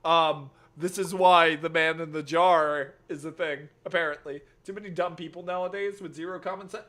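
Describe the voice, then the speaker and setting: A man's voice: a little high, moderate pace, few pauses. A young man streaming a game, chatting casually, cursing and laughing often. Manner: profane, excitable, laughs often. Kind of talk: casual gaming stream chat.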